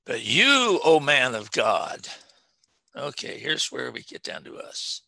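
Gravelly preacher man, bright and lively. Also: mid-range voice, no room sound. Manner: emphatic, drawn-out scripture reading. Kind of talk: sermon.

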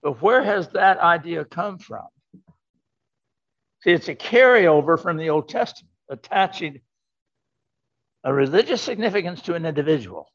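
A man's voice: fairly high pitch, lively intonation, moderate pace, long pauses, fairly bright tone. An older man preaching a sermon to a congregation, emphatic, repeating his key words. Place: church sanctuary. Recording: dull lo-fi sound.

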